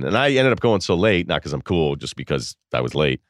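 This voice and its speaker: Deep-voiced, lively male podcast host. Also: brisk, hardly any pauses, no echo, studio quality. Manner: animated, laughing, quotes people in voices. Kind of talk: casual storytelling.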